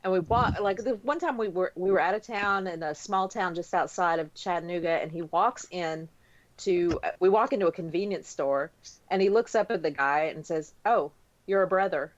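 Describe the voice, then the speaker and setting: A woman's voice: on the low side, normal speed. A woman co-hosting a podcast, chatting casually and telling a story in a talkative way. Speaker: podcast co-host. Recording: dull, slightly lo-fi audio.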